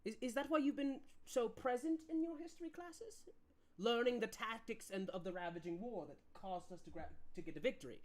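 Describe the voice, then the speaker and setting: A woman's voice: a little high, fairly quick, a little mellow, natural voice. A woman voicing a stern queen who questions her child in a tabletop game, with pointed, coolly interrogating questions. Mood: probing. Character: stern regal queen mother, cutting.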